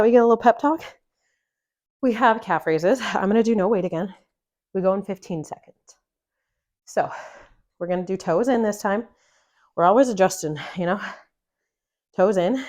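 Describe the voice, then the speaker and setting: A woman's voice: lowish voice, darkish tone. Breathless woman coaching a workout. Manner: encouraging, talks through exercises between breaths. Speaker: fitness coach. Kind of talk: follow-along workout instruction.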